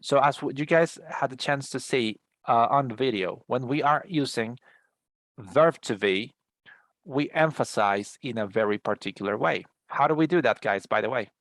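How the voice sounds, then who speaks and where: Casting: male English teacher on a video call, mid-pitched, dry close sound, chatty and full of restarts. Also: moderate pace, fairly bright tone, no room sound. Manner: explains at length, frequent restarts, addresses students as guys. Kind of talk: online class explanation.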